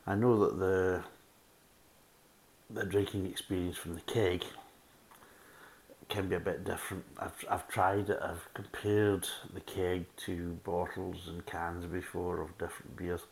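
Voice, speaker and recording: A man's voice: deep voice, flat delivery, a little slow, creaky, a little mellow, rough recording. A man reviewing beer in a casual, blunt, rambling way, repeating himself often. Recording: faint background hiss.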